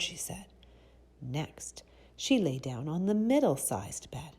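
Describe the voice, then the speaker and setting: Woman reading a kids' story aloud, husky soft voice, very expressive, unhurried. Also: low voice. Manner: soft, breathy, expressive, asks kids questions. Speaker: children's storyteller. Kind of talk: reading a picture book aloud to children.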